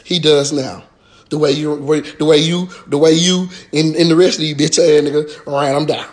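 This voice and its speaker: A man, ranting in an animated, profane and mocking way on a live stream, with a sarcastic repeated "sir". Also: fairly high pitch, moderate pace. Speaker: rapper addressing his followers.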